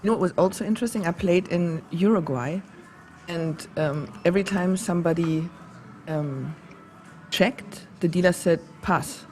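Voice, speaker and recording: German female co-caller for poker, playful and quick to laugh. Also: on the low side, a little mellow, a little hiss or hum. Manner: giggly, chatty banter. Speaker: poker co-commentator. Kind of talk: live poker commentary.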